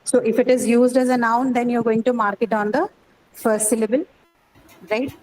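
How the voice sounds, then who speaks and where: A woman teaching an English class, explaining slowly and checking in with "right?" after each point. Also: a little high, fairly even intonation, darkish tone, low-quality recording. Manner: explains patiently, says "right?" often. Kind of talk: online class lecture.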